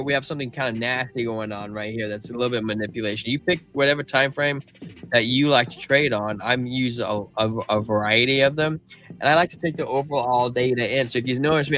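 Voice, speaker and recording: A man's voice: medium pitch, quick pace, a bit bright, faint music behind. A man hosting a live crypto stream, talking through price charts and reading viewers' chat in a casual, slangy way. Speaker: crypto livestream host.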